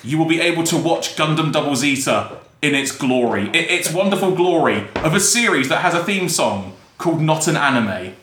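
A man's voice: fairly high pitch, lively intonation, moderate pace, a bit bright, reverberant, slight background noise. A man hosting a podcast in an office studio, cheerfully reading out release news. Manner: upbeat, reads out release news. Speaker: podcast host. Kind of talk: casual podcast chat. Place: small office studio in a cellar.

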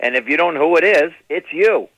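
A man's voice: a little high, fairly quick, dry recording, poor audio. A middle-aged man doing stand-up comedy, telling family stories and slipping into impressions of his relatives. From New England. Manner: animated, slips into impressions of relatives.

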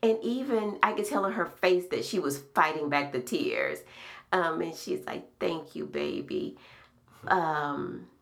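A middle-aged woman hosting a podcast, telling personal memories in a slow, soft-spoken, reflective way. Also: lowish voice, sing-song. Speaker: podcast host. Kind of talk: casual heartfelt conversation.

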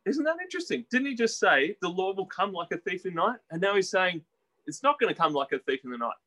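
A man preaching a sermon in a conversational, animated way, putting questions to his listeners and acting out the voices he quotes. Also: fairly quick, poor audio. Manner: animated, acts out quoted voices with rising pitch.

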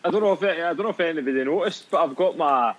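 A Scottish man on a football podcast with a husky, slightly higher voice. He talks in halting, repeated phrases and keeps asking the others what they think. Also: poor audio. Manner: hesitant, repeats himself, questioning. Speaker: podcast co-host. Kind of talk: casual football chat.

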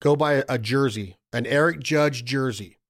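A man in casual podcast chat, telling excited, profane stories and calling his friend "bro" and "dude". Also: mid-range voice, normal speed.

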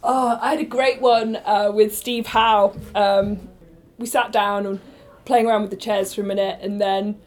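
A woman's voice: medium pitch, fairly even intonation, moderate pace. A woman guest on a podcast chatting casually about improv, self-deprecating and laughing often.

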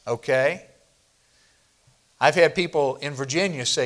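A man preaching a sermon in a measured, unhurried way, pausing to ask his congregation questions as he works through the text. His voice sits a little higher than most men's. He grew up in the northern Midwest of the US. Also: lively intonation, a bit bright. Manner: teacherly, asks the congregation questions. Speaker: pastor.

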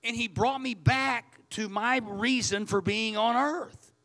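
Man, pastor, folksy sermon storytelling, high bright voice. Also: slow pace. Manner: folksy, storytelling, repeats words.

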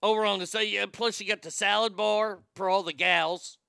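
Middle-aged man, gravelly, bright voice, profane rambling chat. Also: high-pitched, fairly even intonation, normal speed, dry recording, clean studio sound. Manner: profane, folksy, rambling with restarts. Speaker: livestream host reading chat.

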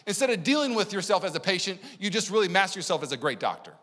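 A man preaching a sermon as pastor, conversational and energetic, telling stories to the congregation. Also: high voice, fast. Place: church sanctuary. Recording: long church hall reverb.

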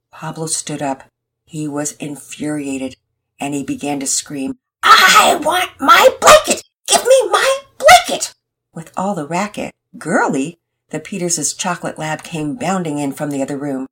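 A woman's voice: deep voice, slight background noise. A woman hosting and narrating a children's family story, reading it aloud. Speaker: storyteller and host.

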